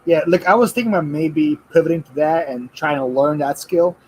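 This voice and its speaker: A man hosting a live stream, chatting casually and getting loud and excited over viewer donations. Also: on the high side, a little fast, slight background noise, poor audio. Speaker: livestream host. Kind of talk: casual chat.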